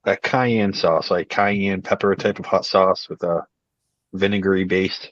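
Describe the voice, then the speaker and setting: A man with a fairly low voice joins a casual video-call chat, hesitating and filling gaps with "like". His sound is dull and muffled, dry with no room. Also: fairly even intonation, measured pace, no room sound. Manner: hesitant, filler-heavy. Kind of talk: casual chat on a live stream.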